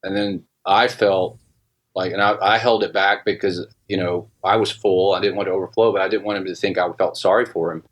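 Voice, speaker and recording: Halting low-voiced middle-aged man. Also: fairly even intonation. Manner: halting, many restarts and fillers. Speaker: guest musician. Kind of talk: casual storytelling.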